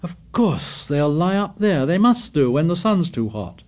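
A man reading an audiobook, voicing an intense, obsessive boy hunter who talks eagerly and excitably. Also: fairly high pitch, a little slow, pitched above the performer's own voice.

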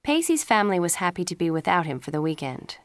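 Woman reading a story, lowish voice. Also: big pitch swings, fast, no room sound, clean studio sound. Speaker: storybook reader. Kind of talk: scripted narration.

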